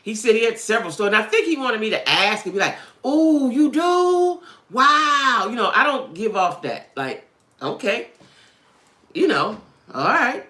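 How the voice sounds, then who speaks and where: Woman on a livestream, frank streetwise talk, bright tone, echoey room. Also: medium pitch, sing-song, normal speed. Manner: frank, streetwise, keeps asking "right?" and "you know what I'm saying?". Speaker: livestream host chatting with viewers. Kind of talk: casual live chat about dating.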